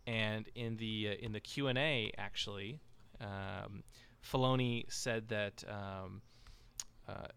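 A man's voice: on the low side, fairly even intonation, slow, vocal fry, fairly bright tone, smooth. A man hosting a casual podcast discussion, talking in a rambling way with many fillers and restarts. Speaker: podcast host.

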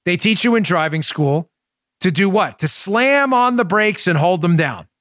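A man in his forties with a Queens, New York accent, hosting a political commentary podcast in an emphatic, loud manner full of rhetorical questions. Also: high voice, animated, moderate pace, dry recording, clean studio sound. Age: 40s. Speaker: podcast host. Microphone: studio microphone.

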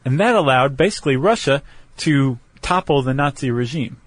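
A man's voice: medium pitch, lively intonation, normal speed, dry recording. A man co-hosting a podcast in casual chat, laid-back with wry quips. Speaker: podcast co-host.

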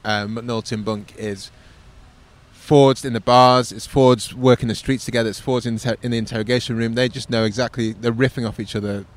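A man's voice: mid-range voice, steady tone, a little fast. Enthusiastic male podcast co-host. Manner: enthusiastic, hesitant, recapping. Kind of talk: casual chat.

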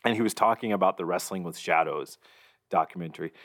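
Man, slightly low voice, casual podcast chat, rambling, laughs a lot. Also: fast, a bit bright. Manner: rambling storyteller, laughs often. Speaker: podcast co-host.

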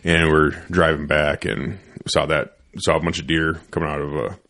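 A man's voice: extremely low pitch, flat delivery, normal speed, fairly bright tone. A young man hosting a podcast, telling a loose, profane, rambling story in a casual studio chat. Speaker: podcast host.

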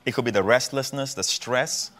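A man's voice: medium pitch, moderate pace, a bit bright. A man teaching from the Bible as a guest on a talk show, earnest and repeating phrases for emphasis. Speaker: guest preacher.

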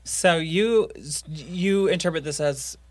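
A woman's voice: fairly low pitch, slow, a little mellow, no echo. A woman hosting a casual podcast interview, who mostly gives short reactions and asks questions. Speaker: podcast host.

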